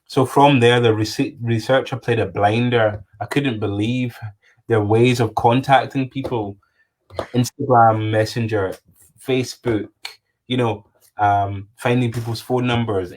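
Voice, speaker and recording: A man with a Scottish accent, a filmmaker being interviewed, telling long stories in an animated way with many restarts. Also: mid-range voice, normal speed. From Scotland. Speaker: filmmaker guest. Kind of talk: conversational interview.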